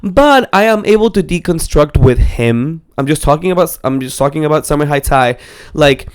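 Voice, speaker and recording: A man's voice: fairly high pitch, animated, normal speed, clear, resonant tone. A man co-hosting a podcast, chatting casually with lots of hedging and rambling asides. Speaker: podcast co-host. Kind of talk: casual chat.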